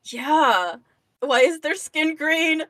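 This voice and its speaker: Woman co-host, fairly high voice, dry close sound, playful recap. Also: animated, drawn-out words, fairly bright tone, no echo. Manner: playful, reads lines aloud in voices. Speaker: podcast co-host. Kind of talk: casual chat about comics.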